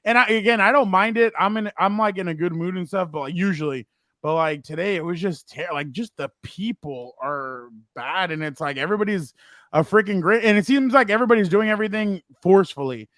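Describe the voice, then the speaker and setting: Man, casual podcast co-host, animated storyteller, fairly high voice, dry close sound. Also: brisk, no echo. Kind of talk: casual sports podcast chat.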